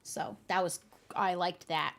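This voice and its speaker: A young woman streaming from home, chatting casually with viewers, laughing often and speaking in a gentle, encouraging way. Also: lowish voice, fairly even intonation, a little slow, vocal fry. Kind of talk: casual chat reading viewer messages.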